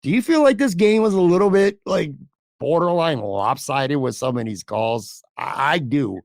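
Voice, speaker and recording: A man's voice: on the high side, moderate pace, vocal fry, no room sound, studio quality. A man hosting a sports podcast, chatting casually, hedging his points and swearing offhand. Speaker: podcast host.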